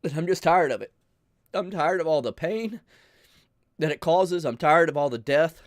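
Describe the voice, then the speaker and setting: A man hosting a channel, talking earnestly and emotionally to his viewers, pleading with them, sighing and pausing as he speaks. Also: on the high side, lively intonation, dry recording, studio quality. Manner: emotional, pleading, with sighs and pauses. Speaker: channel host. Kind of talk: earnest heartfelt talk to viewers.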